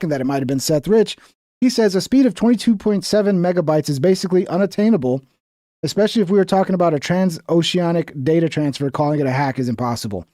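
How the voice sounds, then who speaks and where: Male streamer, casual and profane, higher voice, dry close sound. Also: warm tone, no room sound. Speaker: streamer reacting to clips. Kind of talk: casual reaction commentary.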